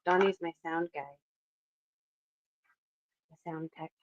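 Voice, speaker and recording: A woman's voice: lowish voice, little pitch movement, takes it slowly, lo-fi sound, background noise. A woman in her thirties hosting a casual livestream from her home kitchen, chatting in a rambling way and reading the chat aloud. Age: 30s. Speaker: livestream host. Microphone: phone.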